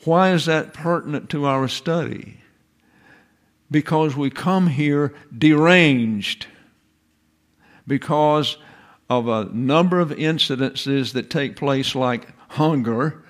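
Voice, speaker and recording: A man's voice: a little high, slow. A man giving an informal lecture in a folksy, digressive way, full of rhetorical questions.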